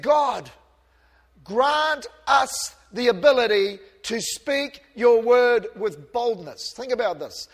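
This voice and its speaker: A high-voiced pastor delivers a passionate church sermon, joking at his own expense with the congregation. His delivery shifts between almost-murmured asides and loud calls, with a long reverb following each phrase.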